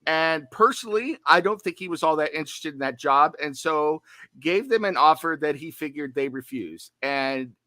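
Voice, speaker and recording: A man's voice: a little high, lively intonation, moderate pace, pushed and bright, no room sound. A man co-hosting a horror movie podcast, chatting casually with jokey, self-deprecating asides. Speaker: podcast co-host.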